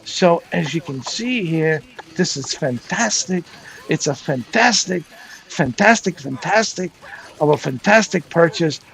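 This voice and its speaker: A man putting on a rambling male vlogger who unboxes a telescope and talks slowly and quietly. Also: on the high side, lively intonation, gravelly, full character voice, poor audio. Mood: slow mock. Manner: slow, drawn-out and rambling.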